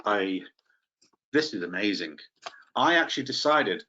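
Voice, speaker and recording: A man's voice: medium pitch, big pitch swings, moderate pace, pauses often, bright, forceful tone. Playful chatty guy running a teacher webinar, kinda dull lo-fi computer mic. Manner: playful, chatty, addresses participants by name. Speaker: teacher trainer. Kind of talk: live online teaching webinar.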